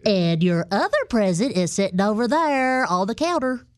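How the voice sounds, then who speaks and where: A woman's voice: mid-range voice, expressive, normal speed, lightly acted. A woman playing a doting wife who cooks breakfast in a comedy radio sketch, speaking fondly and at a leisurely pace.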